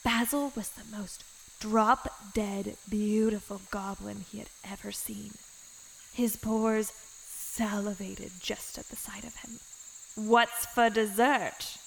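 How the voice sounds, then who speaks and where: A woman's voice: medium pitch, level tone, slow, gravelly, slight background noise, poor audio. A woman narrating a comic story in a mock-dramatic way. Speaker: story reader.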